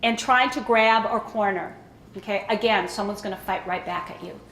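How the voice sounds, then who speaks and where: A woman's voice: medium pitch, moderate pace, a bit bright, reverberant, slight background noise. A woman giving an informal talk to a room of caregivers, chatty and often asking "okay?" to check in with the audience. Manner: conversational, checks in with frequent "okay?". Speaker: presenter at a caregiver education talk.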